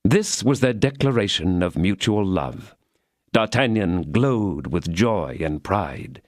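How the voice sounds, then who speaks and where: A man narrating a classic novel as an audiobook, reading the prose in a measured, expressive way. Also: sits low, no echo, clean studio sound. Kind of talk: scripted narration.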